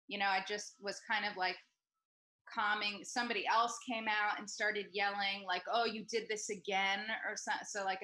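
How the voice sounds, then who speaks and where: A woman's voice: on the low side, bright, forceful tone, low-quality recording. A woman hosting an online group talk, telling a story with many ums and restarts. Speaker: host of a group discussion. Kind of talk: casual storytelling. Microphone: video call.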